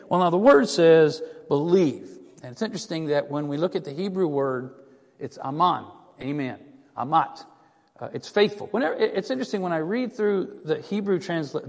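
A pastor giving an animated, conversational sermon in a church, wandering off on asides. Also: male voice, a little high, big-room sound.

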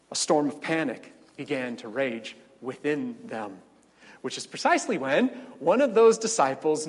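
A man's voice: a little high, in a large hall. A middle-aged male pastor preaching a sermon, storytelling with dramatic swells and wry asides.

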